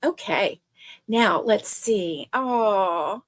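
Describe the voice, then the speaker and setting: A middle-aged woman hosting a casual livestream, chatting warmly and greeting viewers by name. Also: mid-range voice, expressive, extremely slow. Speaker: livestream host.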